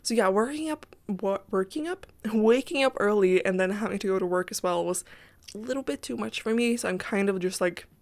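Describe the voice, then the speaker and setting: A woman talks in a loose, rambling voice-over while she builds in a game, sounding worn out and tired. She apologizes a lot and giggles between thoughts. Her pitch sits in an ordinary middle range. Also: a little fast, a little mellow. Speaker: Sims builder and YouTuber. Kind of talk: casual voice-over chat over a speed build. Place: at home at her PC.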